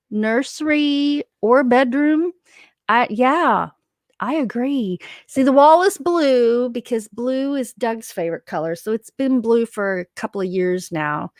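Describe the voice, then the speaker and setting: A woman's voice: fairly high pitch, dry recording, studio quality. Chatty woman hosting a home livestream. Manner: chatty, reads viewer comments aloud. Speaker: livestream co-host. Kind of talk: casual livestream chat. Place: her home.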